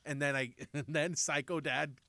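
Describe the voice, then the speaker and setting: A man co-hosting a sports radio show from a studio, telling animated stories and acting out voices for the people in them. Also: fairly high pitch, moderate pace, no room sound. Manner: animated storyteller who acts out voices. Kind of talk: casual sports talk chat. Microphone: studio microphone.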